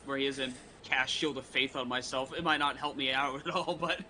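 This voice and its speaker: A man playing in a tabletop game, jokey and quick to swear. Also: medium pitch, fairly even intonation, sharp tone, a little hiss or hum. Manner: profane, jokey. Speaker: player.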